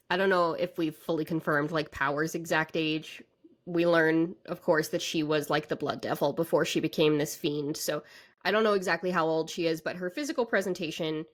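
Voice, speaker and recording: A woman with a slightly low voice co-hosts an anime discussion podcast. She talks in a chatty, reflective way, breaking into laughter now and then. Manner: chatty, thoughtful, laughs often. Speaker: podcast co-host.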